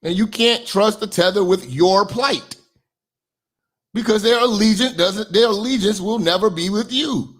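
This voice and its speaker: A man hosting a reaction commentary channel, animated and mocking, swearing freely as he talks back to clips. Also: high-pitched, measured pace.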